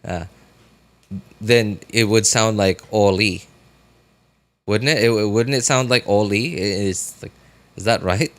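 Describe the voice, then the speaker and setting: A man's voice: on the low side, unhurried, long pauses, fairly bright tone. Rambling young man streaming a game. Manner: rambling, filler-heavy, chats with viewers. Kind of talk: casual live-stream chat.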